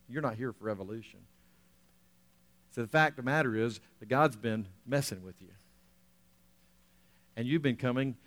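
Male pastor, sermon, storytelling, repeats himself, asks right?, mid-pitched voice. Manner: storytelling, acting out quoted voices, rising to emphatic peaks; repeats phrases, frequent "right?" checks with audience.

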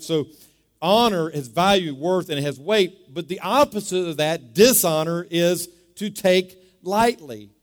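A man preaching a sermon as pastor, talking in a conversational way, repeating words and asking the congregation to say them back. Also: a little high. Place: church sanctuary. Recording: long reverb of a large hall.

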